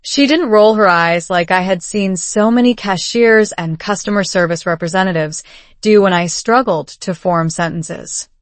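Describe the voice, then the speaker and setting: A woman narrating a first-person story slowly and clearly, for learners. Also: medium pitch, no echo. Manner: slow, clear reading for learners. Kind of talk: slow scripted story narration.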